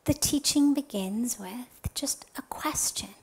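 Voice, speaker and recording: A woman giving a spiritual talk in a gentle, unhurried voice that sits a little high. She speaks with earnest softness, and her words often fall to a breathy near-whisper. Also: poor audio. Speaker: spiritual teacher.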